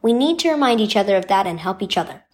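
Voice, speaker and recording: A woman voicing a patient mother who gently teaches her son in a devotional story. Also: medium pitch, very animated, fast talker, lightly acted. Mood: gentle. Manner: patient, instructive.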